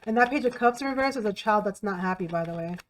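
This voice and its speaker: A woman's voice: medium pitch, animated, fast talker. A woman giving a tarot reading to camera in a blunt, emphatic way, repeating herself and swearing freely. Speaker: tarot reader.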